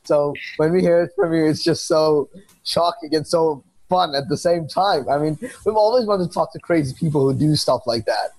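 A man's voice: a little high, normal speed, darkish tone, no room sound, rough recording. A man hosting a casual podcast interview, speaking enthusiastically and laughing often. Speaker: podcast host.

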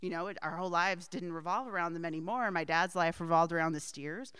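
A woman's voice: lowish voice, quick pace, fairly bright tone, clear, resonant tone, no echo. A middle-aged woman telling a personal family story in a rambling way, with asides and frequent laughs.

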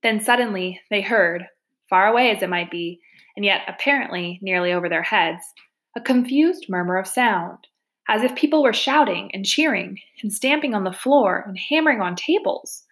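A woman's voice: medium pitch, lively intonation, moderate pace, fairly bright tone. Woman reading a storybook aloud.

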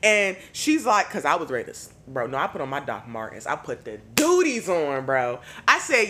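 A man hosts a loose podcast chat and tells stories with a lot of swearing. His voice is bright and sharp, and his pitch rises and falls a great deal as he acts out each moment. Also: normal speed, few pauses, a little hiss or hum. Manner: animated, profane storytelling. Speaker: podcast host. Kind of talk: casual chat.

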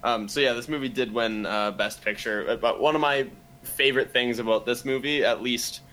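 A man co-hosting a casual movie podcast, talking in a relaxed way, laughing easily and hesitating with uhs. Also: mid-range voice, normal speed. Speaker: podcast co-host.

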